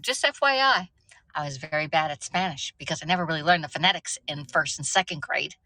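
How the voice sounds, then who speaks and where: A woman's voice: low-pitched, animated, fairly quick, pushed and bright, no echo, low-quality recording. A middle-aged woman chatting casually on a live stream, laughing at herself and stumbling over words. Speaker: livestream host.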